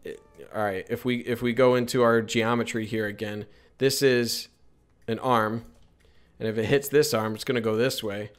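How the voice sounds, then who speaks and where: A man narrating basketball highlights in a casual voice-over breakdown, chatty and often tagging his points with "right?". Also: fairly even intonation, moderate pace, clean tone.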